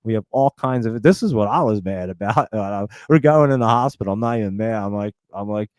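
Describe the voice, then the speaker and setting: Smooth-voiced, rambling stream host man. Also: on the low side, lively intonation, brisk, no echo. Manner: rambling, loose and profane, with frequent fillers. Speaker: host of a live stock trading stream. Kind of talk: casual live-stream chat.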